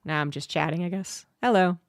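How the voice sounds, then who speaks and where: A woman's voice: lowish voice, fairly quick, no echo, studio quality. A woman streamer in a casual livestream chat, telling a rambling, cursing story.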